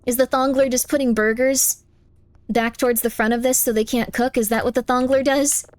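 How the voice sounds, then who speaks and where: A woman live streaming a game, chatting casually with her viewers in a playful, teasing way, insisting on things over and over and breaking into squeaky high protests. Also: fairly even intonation, a little fast, no echo. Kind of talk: casual live-stream chat while gaming.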